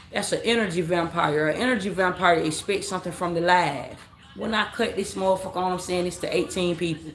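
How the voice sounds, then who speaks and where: A woman reading tarot on a late-night live stream, talking casually in slang, rambling, repeating herself and calling her viewers family. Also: fairly low pitch. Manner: rambling, repeats phrases, scolds commenters. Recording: roomy echo with faint background noise.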